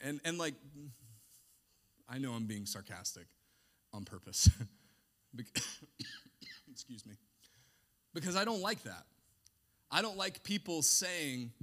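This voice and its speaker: Animated, sarcastic male preacher. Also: medium pitch, normal speed, pauses often. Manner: animated, sarcastic, swings between hushed asides and shouting. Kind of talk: sermon.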